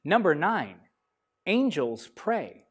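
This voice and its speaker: A man preaching a sermon, reading scripture emphatically and swinging between loud declarations and softer lines. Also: on the high side, very animated, slow pace, husky. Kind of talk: sermon teaching.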